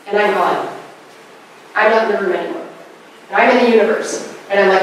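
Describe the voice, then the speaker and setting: A woman's voice: mid-range voice, animated, moderate pace, a little hiss or hum. A middle-aged woman giving a spiritual talk to a live audience, telling stories and acting out the voices she quotes. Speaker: presenter. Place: presentation hall. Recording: very echoey hall, mic at a distance.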